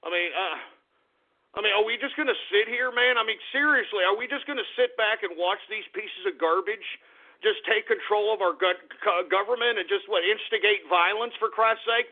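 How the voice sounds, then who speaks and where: A man's voice: high-pitched, moderate pace. A man hosting a talk radio show, ranting heatedly, swearing and stammering in agitation. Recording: phone-like lo-fi radio audio.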